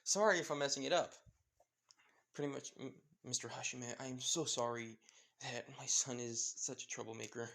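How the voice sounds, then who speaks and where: A man's voice: medium pitch, fairly even intonation, moderate pace, creaky, fairly bright tone. A young man improvising a fan story narration, rambling and fumbling over names with lots of fillers.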